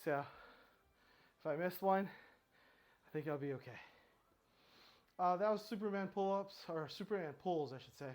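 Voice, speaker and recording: A man's voice: high voice, measured pace, pauses often, darkish tone. A man vlogging his home workout, counting reps aloud and talking casually while out of breath. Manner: counts reps aloud, rambling and self-correcting. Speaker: fitness vlogger. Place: home floor workout with his dog nearby.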